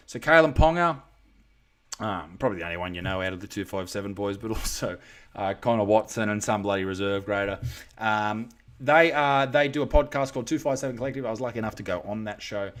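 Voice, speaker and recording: A man's voice: medium pitch, a little fast, fairly bright tone. An Australian man rambles his way through a casual live stream. He reads viewer comments aloud and swears freely as he chats.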